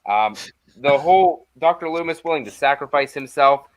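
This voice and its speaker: A man's voice: on the high side, animated, moderate pace, no room sound. A man talking as a podcast guest in casual chat, easygoing and enthusiastic.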